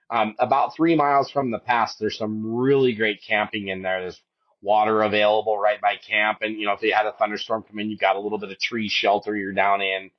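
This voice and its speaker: A man of about fifty, a podcast guest, telling a hike story with emotion, rambling through many restarts. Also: highs cut off. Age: 50s. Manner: rambling, with many restarts, and raises his voice high to quote his wife.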